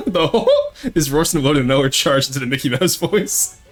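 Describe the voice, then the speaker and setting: Lively joking streamer chatting with viewers. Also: medium pitch, moderate pace, soft background music. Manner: joking and teasing, laughs often, talks straight to chat. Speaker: VTuber streamer. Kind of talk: casual live-stream chat with viewers. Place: home, second-floor room.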